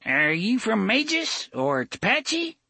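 A man's voice: sits high, wildly swooping pitch, takes it slowly, vocal fry, bright, forceful tone, husky, no room sound, pitched above the performer's own voice, full character voice. A man voicing a drunken, beaten old barfly who whines and cackles as he begs for a drink. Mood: wheedling. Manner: cackling, whining, pleading.

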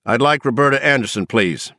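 A man's voice: mid-range voice, brisk, pushed and bright, no room sound, clean studio sound, voice pushed up, natural voice. A man voicing a cold, controlled woman who is furious with her sister, clipped and icy in an audiobook.

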